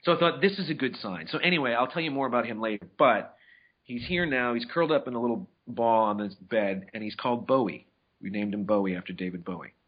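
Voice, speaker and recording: Rambling husky man telling stories. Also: lowish voice, fast talker. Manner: rambling storyteller with many restarts, acts out quotes. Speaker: podcast host. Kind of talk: casual chat. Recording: dull lo-fi audio.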